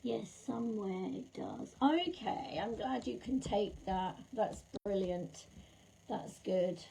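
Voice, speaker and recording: Raspy, low-toned woman with a sore throat. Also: expressive, takes it slowly, mellow, slight background noise, poor audio. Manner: chatty and affectionate, calls viewers lovely and darling. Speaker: psychic medium. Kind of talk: livestream readings chatting with viewers. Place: at home.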